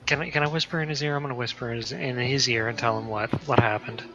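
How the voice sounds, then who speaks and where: A man playing a tabletop game, talking quickly and joking. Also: medium pitch, fairly even intonation, lo-fi sound. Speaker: player. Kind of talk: casual tabletop play.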